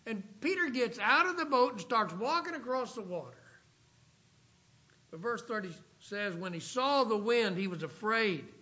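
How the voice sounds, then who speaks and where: A man preaching a sermon, reading scripture aloud and slowing down for emphasis. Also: high-pitched, expressive, pushed and bright. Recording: dull lo-fi recording.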